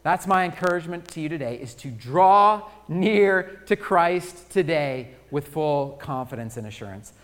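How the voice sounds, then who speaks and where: A male pastor delivers a sermon with a high-pitched voice. He drops to hushed, pleading tones and then builds to loud, rousing calls to the congregation. The sound carries a long reverb from the church sanctuary. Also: animated, measured pace, few pauses. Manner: dynamic preaching, shifting from hushed pleading to loud exclamation.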